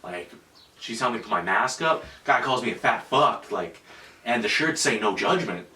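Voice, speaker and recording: A man's voice: mid-range voice, expressive, moderate pace, sharp tone, recorded from a distance, slight background noise. A man hosting a casual podcast, telling a story with lots of swearing. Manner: profane storytelling. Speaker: podcast host. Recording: echoey room, off-mic.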